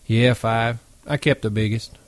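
A man reading aloud and voicing a dignified, unhurried ranch hand who speaks matter-of-factly. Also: mid-range voice, no room sound, natural voice. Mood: calm. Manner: calm, matter-of-fact.

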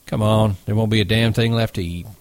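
A man's voice: lowish voice, fairly even intonation, fairly quick, darkish tone, no room sound, lightly acted. A man reading aloud and voicing a wary, protective ranch worker who speaks curtly and coldly. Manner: curt, cold.

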